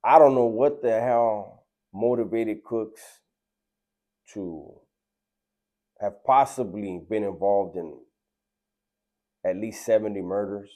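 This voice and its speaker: Man, low-pitched, casual earnest storytelling. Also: slow pace, long pauses, dark tone. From Southern California. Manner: laid-back, slangy, earnest.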